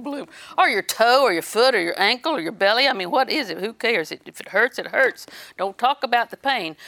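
A middle-aged woman preaching a sermon in an animated way, acting out little scenes and laughing. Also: medium pitch.

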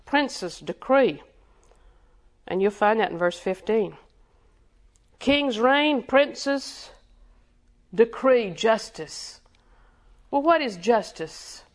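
A woman's voice: a little high, lively intonation, drawn-out words, pauses often. A woman preaching a sermon with rhythmic repetition, quizzing her congregation and chuckling between points.

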